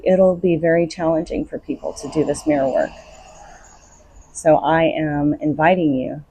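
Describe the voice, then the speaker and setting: A woman's voice: low-pitched, dark tone, husky, dry recording. A woman hosting her own podcast, giving unscripted spiritual self-help talk in an earnest, coaching way. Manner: earnest, coaching, laughs between thoughts. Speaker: podcast host.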